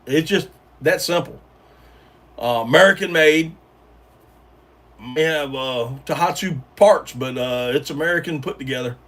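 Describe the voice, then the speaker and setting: Brief: male host, a touch high-pitched, casual meandering livestream talk with frequent restarts. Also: measured pace, long pauses, fairly bright tone, distant mic. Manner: rambling, hesitant, full of ums and repeated starts. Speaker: livestream host reading chat. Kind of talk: casual live-stream chat.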